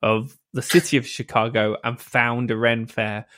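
A man's voice: mid-range voice, level tone, moderate pace, a bit bright. A British man from the UK chatting casually and enthusiastically on a podcast, laughing often. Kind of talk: casual chat.

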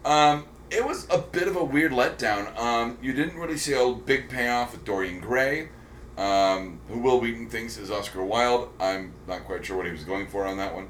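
Speaking at a normal speed with a mid-range, fairly bright voice, a man co-hosts a podcast about movies and TV. His casual talk meanders with frequent ums and restarts, and the room echoes over faint background noise.

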